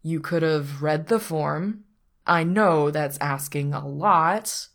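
A woman voicing a dry, long-suffering male attorney who speaks in a measured, wry way. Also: sits low.

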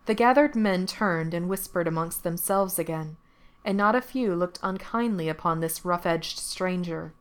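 A woman narrates a fairy tale in a calm, measured manner, her voice slightly low. The reading is steady and unhurried. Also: smooth. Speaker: storyteller. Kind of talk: storybook narration.

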